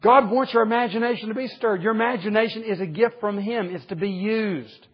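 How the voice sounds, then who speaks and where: Guy preaching, fairly high voice, kinda husky, dull lo-fi sound. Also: brisk. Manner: earnest, conversational preaching with sudden pitch lifts and quiet drops. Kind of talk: sermon.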